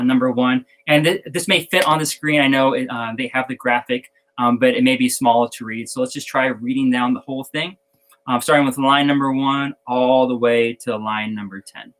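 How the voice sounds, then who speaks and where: A man's voice: mid-range voice, a bit bright. A man giving an online drum technique lesson, explaining exercises with fillers and self-corrections and chanting syllables in time as he counts off. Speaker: percussion teacher.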